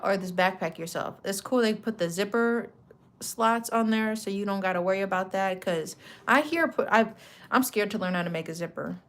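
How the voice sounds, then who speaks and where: Woman, craft vlogger, casual and chatty, rambling, self-correcting, middle pitch. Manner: rambling, chatty, corrects herself mid-sentence; relaxed slang-filled talk. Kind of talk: casual chatty product walkthrough.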